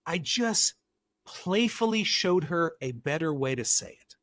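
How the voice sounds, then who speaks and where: Guy on a parenting podcast telling stories, kinda high voice, does the voices, super dry close mic. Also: unhurried, no room sound. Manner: animated, acts out quotes in different voices. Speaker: parenting counselor guest. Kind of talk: podcast interview, storytelling.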